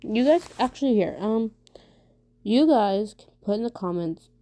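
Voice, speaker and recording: A woman vlogging casually for her viewers, talking fast and stumbling over her words, with lots of fillers and restarts. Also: a little high. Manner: fast talker who stumbles and stutters; many fillers and restarts, animated storytelling. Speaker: vlogger answering viewer questions. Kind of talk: casual rambling chat.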